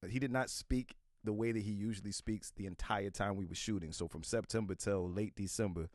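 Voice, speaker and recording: A middle-aged man, a comedian guest, talking casually and animatedly on a podcast, now and then breaking into loud impressions. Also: on the low side, steady tone, a little fast, dry recording, studio quality.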